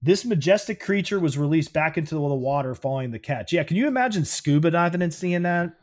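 Male podcast co-host, fairly high voice; casual, excitable, profane banter. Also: a little fast. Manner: excitable, laughs often, swears freely. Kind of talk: casual comedic podcast chat.

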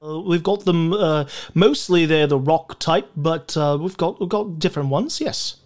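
A friendly innkeeper, voiced by a man, banters with a guest at his bar. He keeps it easygoing and teasing, with a fairly high voice. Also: moderate pace, darkish tone, lightly acted. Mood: casual. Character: friendly male tavern innkeeper, playful host. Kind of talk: improvised in-character banter.

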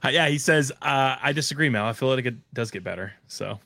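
A man's voice: medium pitch, animated, quick pace, gravelly, pushed and bright, no echo. Easygoing man hosting, dry close sound. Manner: easygoing, relays viewer comments. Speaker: host. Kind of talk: casual live-stream chat.

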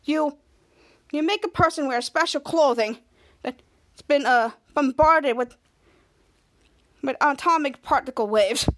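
A woman reading the lines of an eccentric male inventor, explaining in halting stops and starts. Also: high voice, fairly bright tone.

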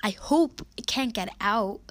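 A woman doing a lively little boy. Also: on the high side. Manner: quick, bouncy storybook delivery. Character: lively young boy, clever and a bit impatient.

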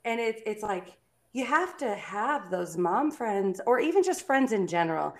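A woman's voice: medium pitch, sing-song, normal speed. A young adult woman chatting candidly on a podcast, swearing freely and stumbling over restarts. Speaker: podcast co-host. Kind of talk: casual podcast chat.

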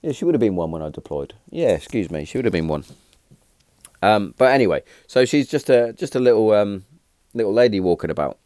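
A man in his thirties casually telling rambling stories, lively at the punchlines, with many restarts. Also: fairly low pitch, brisk, dry recording. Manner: rambling, animated when telling a punchline, frequent restarts and fillers. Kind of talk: casual storytelling.

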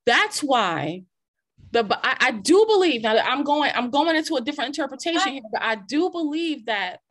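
A woman hosting a casual faith talk, animated and preachy, with many restarts and scripture quotes, heard over a video call. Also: sits high, normal speed. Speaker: podcast host.

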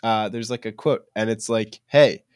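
A man's voice: on the low side, fairly even intonation, moderate pace, clear, resonant tone. A man hosting a football podcast, trying to wrap up the episode amid the banter. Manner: wraps up the show through repeated interruptions, exasperated. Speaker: podcast host. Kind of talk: casual banter.

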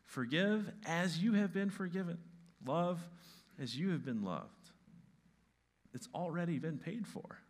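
A male pastor giving a sermon, moving from hushed, soft lines to loud, emphatic ones. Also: on the high side, lively intonation, a little slow, pauses often.

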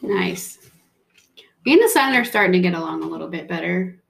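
A woman's voice: fairly low pitch, lively intonation, a little fast, gravelly. A young woman co-hosting a casual chat, who swears freely and acts out quotes when she tells a story. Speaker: podcast co-host.

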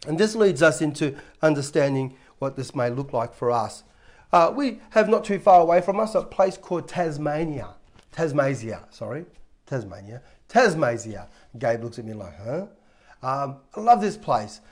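A man's voice: fairly high pitch, expressive, moderate pace. A man, a pastor preaching a sermon in a conversational way with frequent restarts.

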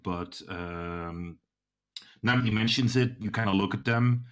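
A man's voice: fairly low pitch, a little slow. A man narrating a tabletop role-playing game as game master, hesitating often with many fillers and restarts.

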